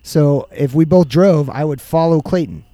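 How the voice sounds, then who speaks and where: A man's voice: fairly high pitch, moderate pace, dark tone, no echo. A man casually telling rambling, profane party stories among friends.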